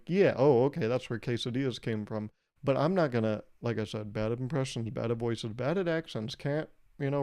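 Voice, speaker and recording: A man talks alone on his comedy podcast, wandering from one tangent to the next with self-deprecating jokes. His voice is warm and mellow at a middling pitch. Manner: rambling, self-deprecating, jokey asides. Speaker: podcast host. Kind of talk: solo comedic podcast monologue.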